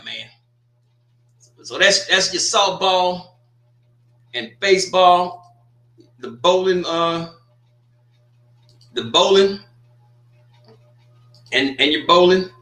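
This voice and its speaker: A man's voice: on the high side, a little slow, pauses often, pushed and bright, roomy sound. A sports livestream host, chatting loosely and jokingly straight to his viewers. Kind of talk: casual livestream commentary.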